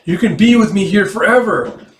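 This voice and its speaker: A man's voice: sits high, normal speed, roomy sound, pitched above the performer's own voice, lightly acted. A man doing a pleading demon posing as a dead father. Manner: pleading, tender.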